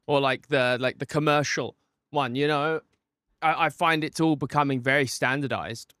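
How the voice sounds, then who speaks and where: A man's voice: mid-range voice, a bit bright, dry recording, clean studio sound. A man streaming a reaction video, chatting casually, stumbling over restarts and swearing freely. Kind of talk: casual chat.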